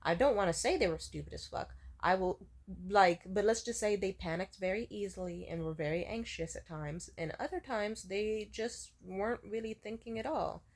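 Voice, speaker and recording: A woman's voice: medium pitch, moderate pace. A young woman in her twenties talking straight to camera in a loose, rambling storytime vlog. She swears freely and sounds exasperated as she tells the story. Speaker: vlogger.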